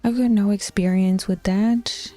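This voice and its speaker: A woman with a New Zealand accent chatting casually with her viewers as a Twitch streamer, bluntly teasing and slipping into soft whispered asides. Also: mid-range voice, fairly even intonation, measured pace, soft background music.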